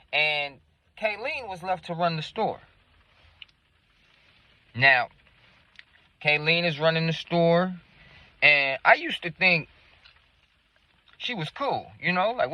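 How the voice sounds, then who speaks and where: A man's voice: fairly high pitch, a little slow, pauses often, bright, forceful tone, no room sound, poor audio. Rambling, profane man telling a story. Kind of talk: casual storytelling.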